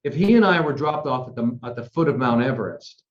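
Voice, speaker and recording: A male doctor explains ideas patiently through examples and anecdotes, pausing often on ums. The sound is muffled and dull, with noticeable room echo around his mid-pitched voice. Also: expressive. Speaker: doctor guest. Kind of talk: explanatory interview talk.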